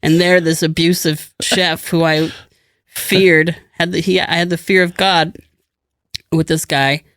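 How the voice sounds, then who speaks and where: A middle-aged man co-hosts a casual podcast, telling a long, meandering story and acting out its characters. His voice is on the high side, steady in tone, a bit bright and a little slow, recorded at studio quality with no echo.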